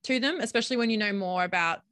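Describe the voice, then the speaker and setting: Chatty Australian woman, bright dry voice. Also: mid-range voice, fast talker, no room sound. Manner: chatty, lots of "like" and "um". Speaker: podcast co-host. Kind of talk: casual chat.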